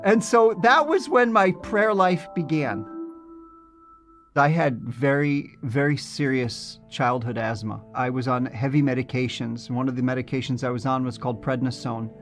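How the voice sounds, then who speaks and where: A man's voice: medium pitch, moderate pace, soft background music. A middle-aged man from New Jersey telling his personal testimony in a reflective, earnest storytelling way. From New Jersey, USA. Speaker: speaker giving a personal testimony. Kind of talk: recorded testimony video narration.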